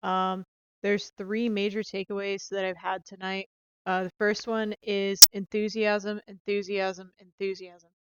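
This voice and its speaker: A woman's voice: mid-range voice, level tone, unhurried, a bit bright, highs cut off. A young woman casually recapping her sales training into a handheld phone, chatty and upbeat with lots of fillers. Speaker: sales rep.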